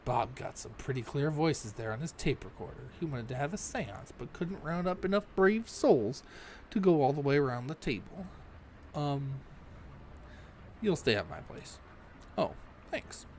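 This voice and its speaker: A man's voice: mid-range voice, expressive, moderate pace, a little mellow. A man reading a game's dialogue aloud and breaking in with sarcastic, swearing asides as a let's play host. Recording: clear background noise.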